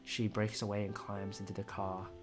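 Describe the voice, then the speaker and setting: Man, lowish voice, choked up, rambling script read-through, faint music behind. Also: moderate pace. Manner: excitable, emotional, with frequent restarts. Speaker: screenplay reader and commentator.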